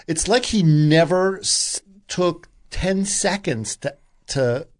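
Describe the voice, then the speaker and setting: Halting man swearing casually about films. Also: a little high, lively intonation. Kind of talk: casual film discussion.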